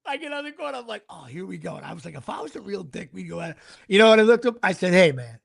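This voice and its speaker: A man's voice: high voice, rapid-fire, gravelly. A middle-aged man hosting a casual chat, telling a story with laughs and acting out what people said. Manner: animated, laughs mid-story, acts out quotes. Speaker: podcast host.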